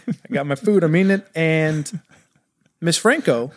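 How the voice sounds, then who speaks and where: A man telling a story on a podcast as a guest, animated, laughing often and swearing. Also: fairly high pitch, measured pace. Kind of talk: casual storytelling.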